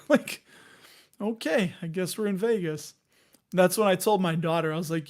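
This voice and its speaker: A man's voice: high voice, normal speed. A man in his forties with a Chicago accent, casually chatting and rambling as host of a live investing stream, joking and answering viewers. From Chicago area, Illinois. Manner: rambling, jokey, laughs often, reads chat aloud.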